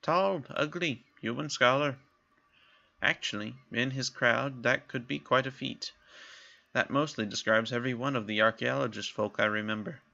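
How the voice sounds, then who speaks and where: A man's voice: high voice, very animated, a little fast, husky, no room sound, muffled recording, voice pushed up, full character voice. A man voicing a dry-witted woman merchant who talks with a lilting cadence. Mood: teasing. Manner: teasing, wry.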